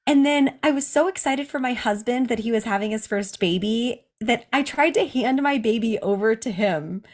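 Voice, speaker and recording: Her voice is on the high side and a little mellow, at a moderate pace. She's a podcast host in her thirties sharing a personal story in casual talk, candid, often laughing, and giving quoted people livelier voices.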